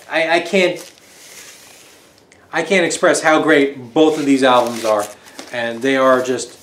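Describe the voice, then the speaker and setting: A man's voice: mid-range voice, reverberant, slight background noise. A man casually talking through his record collection, rambling and joking as he goes. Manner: rambling, chatty, jokey asides.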